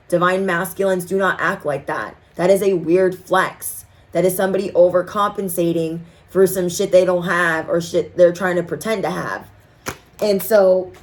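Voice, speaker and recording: A young woman tarot reader chatting casually to her viewers, telling a story in an animated, slangy way. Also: on the low side.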